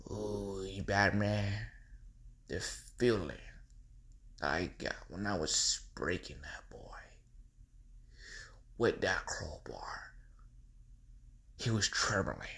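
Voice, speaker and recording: A man's voice: a little high, a bit bright. Joker, a man doing a cackling, taunting clown villain. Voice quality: cackling laugh. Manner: taunting, sing-song, swings between whispers and squeals. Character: unhinged male clown villain, taunting and gleeful. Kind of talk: fan impression skit.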